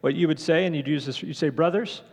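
A man preaches to his congregation, talking it through casually and asking questions. His voice sits a little high with a gravelly edge. It rings out in a reverberant church sanctuary. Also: fairly even intonation, fast talker, darkish tone. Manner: conversational, asks the congregation questions. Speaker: pastor. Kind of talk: sermon.

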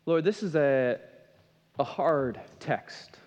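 A male pastor preaches with passion, his voice sitting a little high and swinging from ringing emphasis to soft, hushed lines. The sound is slightly muffled and lo-fi, carried by a long reverb that trails off the walls of a large hall. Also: expressive, takes it slowly. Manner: impassioned preaching that drops to a hushed close. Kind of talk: sermon.

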